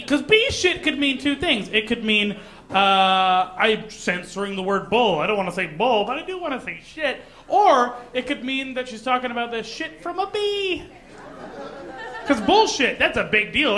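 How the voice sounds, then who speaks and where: In a comedy club, a Canadian man performs a stand-up set, mostly deadpan but breaking into sudden loud put-on voices. His voice is high.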